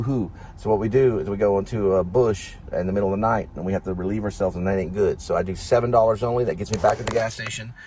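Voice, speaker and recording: A man chatting casually and rambling while driving, joking and repeating phrases. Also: fairly low pitch. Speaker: vlogger, delivery driver. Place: inside a vehicle while driving. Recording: loud vehicle road noise.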